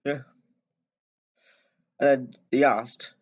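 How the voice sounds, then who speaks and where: A man reads a children's picture book aloud in a loose, chatty way, wandering off into asides and correcting himself as he goes. His voice sits at an ordinary middle pitch. The recording sounds a little muffled and lo-fi. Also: moderate pace, darkish tone. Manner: rambling, chatty, frequent self-corrections. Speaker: storyteller and video host.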